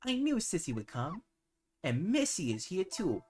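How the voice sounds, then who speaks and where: A woman voicing a sweet, innocent young girl in a video game, soft and childlike. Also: lowish voice, wildly swooping pitch, normal speed, voice pushed up. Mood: happy.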